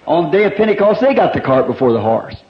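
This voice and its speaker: A man preaching an old-time revival sermon, telling stories animatedly and swinging between loud emphasis and hushed asides, on a dull 1960s church recording. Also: a little high, big pitch swings, fast, a little hiss or hum.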